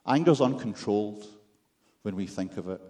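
A man's voice: lowish voice, lively intonation, normal speed, mellow. Wry Scottish man preaching. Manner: wry, self-deprecating humor with rhetorical questions. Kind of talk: sermon.

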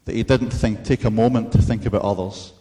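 A man preaching a sermon in an earnest, measured way, mixing in storytelling asides. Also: fairly low pitch, steady tone, warm tone.

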